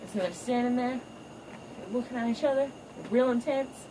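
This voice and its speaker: A woman retelling an animated film in an irreverent, profane, chatty comedic style. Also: fairly high pitch, a little fast. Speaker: storyteller. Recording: distant mic, noisy ambience.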